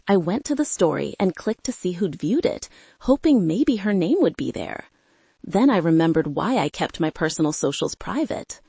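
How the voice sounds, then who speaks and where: Brief: woman audiobook narrator, measured and restrained, dark husky tone, dry close studio sound. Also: fairly low pitch, no echo. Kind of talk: scripted first-person narration.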